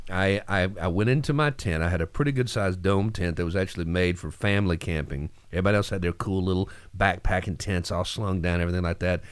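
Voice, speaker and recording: A man hosting a morning radio show, telling stories in an animated way and acting out the voices in them. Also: deep voice, fast, hardly any pauses, smooth, no echo. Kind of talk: casual radio chat and storytelling.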